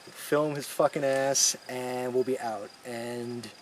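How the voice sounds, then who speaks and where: An actor playing a nervous young documentary director who stammers and apologizes. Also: male voice, mid-range voice, fairly even intonation, takes it slowly, slight background noise, lightly acted, rough recording. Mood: scheming.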